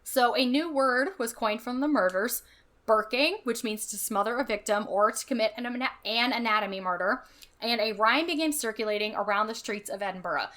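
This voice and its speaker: A woman's voice: fairly high pitch, fairly quick, a bit bright. A woman co-hosting a podcast, telling a true-crime story in a chatty way, with fillers, and reading quotes aloud. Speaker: podcast co-host.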